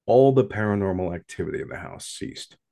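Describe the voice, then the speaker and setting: A man slowly telling a first-person paranormal story in a hushed, dramatic way. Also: low-pitched, animated, gravelly.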